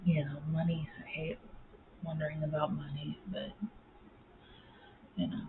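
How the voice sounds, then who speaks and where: A woman chatting casually in a home vlog, rambling with lots of fillers and cooing at her cats in baby talk. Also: sits low. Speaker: vlogger. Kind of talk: casual chat. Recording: tinny phone-like audio with faint noise.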